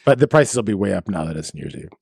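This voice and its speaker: A man in his forties co-hosting a podcast, bantering playfully and quickly. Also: deep voice, big pitch swings, vocal fry, darkish tone, slightly rough, no echo, studio quality. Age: 40s. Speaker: podcast co-host. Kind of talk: casual chat.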